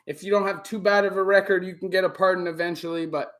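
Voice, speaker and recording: High-voiced Canadian man chatting on a live stream. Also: fairly even intonation, fast, a bit bright. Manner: laid-back, greets viewers by name, frequent "you know". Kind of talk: casual live-stream chat. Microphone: camera on a stand.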